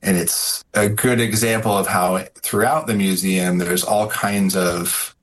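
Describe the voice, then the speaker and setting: A man's voice: low voice, steady tone, unhurried, a bit bright, slight background noise. A man speaking as a guest author in an interview, thoughtful, with many fillers and restarts. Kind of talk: casual interview answers.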